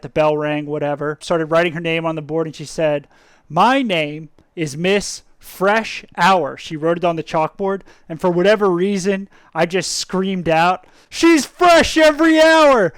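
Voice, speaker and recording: A man's voice: high voice, smooth, no echo, studio quality. A man streaming a reaction video, chatting casually and telling anecdotes with frequent laughter. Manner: chatty, laughs often, acts out voices in anecdotes. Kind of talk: casual reaction chat with storytelling.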